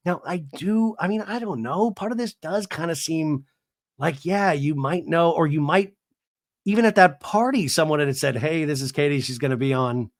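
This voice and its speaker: A man with a fairly high, very animated voice talks through a reality show episode in casual, wry recap commentary. His speech bounces and swoops as he chats. The sound is dry and close, with no room around it. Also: no echo. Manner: wry, chatty, quotes the cast in quick lines. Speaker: podcast host.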